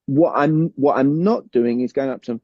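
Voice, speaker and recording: A man's voice: mid-range voice, normal speed, breathy edge, dry recording, lo-fi sound. A man with a British accent teaching a conversation method in an interview, laying out his points in steps and checking in with "all right". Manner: structured, explains in numbered steps, often says "all right". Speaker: summit guest speaker.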